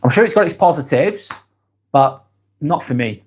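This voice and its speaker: A man hosting a live stream, reading viewers' comments aloud and chatting back in a relaxed, easygoing way. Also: on the high side, normal speed, slightly rough. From England. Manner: laid-back, chatty, trails off softly at phrase ends.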